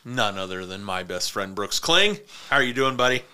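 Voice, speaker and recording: A man's voice: fairly low pitch, expressive, normal speed, sharp tone, smooth. A man hosting a casual podcast from a small studio, joking and swearing freely as he rambles through stories. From Montana. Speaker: podcast host. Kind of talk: casual chat.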